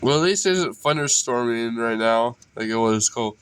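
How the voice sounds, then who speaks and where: A young man vlogging from indoors at home, rambling and excitable, his voice congested. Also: mid-range voice, a little fast, a little hiss or hum. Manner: rambling, excitable, self-correcting. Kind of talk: casual narration while filming a storm.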